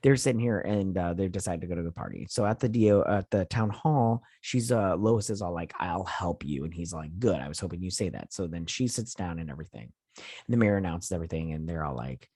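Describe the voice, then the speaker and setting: A man's voice: deep voice, animated, brisk, mellow, husky, no room sound, clean studio sound. A man hosting a show, casually recapping and reviewing a TV episode, rambling and paraphrasing scenes with lots of "like" and asides.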